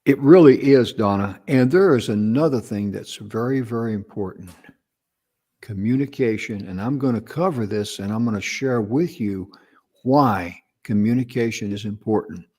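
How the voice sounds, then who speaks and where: Slow, careful older man from North Carolina. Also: on the low side, dark tone. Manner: slow, deliberate, carefully pronounced speech. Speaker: co-host. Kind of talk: casual advice chat.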